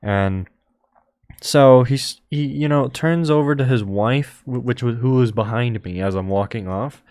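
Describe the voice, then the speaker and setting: A man's voice: medium pitch, measured pace, darkish tone, dry recording. A young man hosting a streamer podcast, chatting casually and rambling with lots of fillers and restarts. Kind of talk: casual chat.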